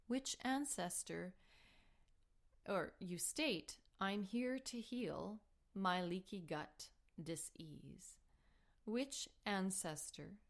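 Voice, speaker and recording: Woman, lowish voice, earnest heartfelt storytelling, slips into soft whispers. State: emotional while telling the story. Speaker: spiritual healing podcast host. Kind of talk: personal storytelling.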